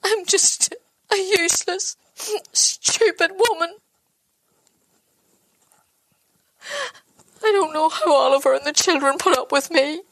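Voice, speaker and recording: A woman's voice: a little high, a bit bright, no room sound. A worn-down, self-blaming mother. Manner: halting, broken, inward monologue. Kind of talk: dramatic monologue.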